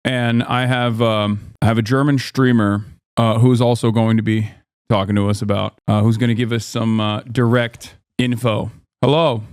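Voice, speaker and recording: A male livestream host with a smooth, resonant voice speaks in a loose, rambling way full of ums and restarts. The sound is close and dry. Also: mid-range voice, little pitch movement, moderate pace, a little mellow, no room sound. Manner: talkative, frequent fillers and restarts. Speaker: streamer host. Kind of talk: casual livestream conversation.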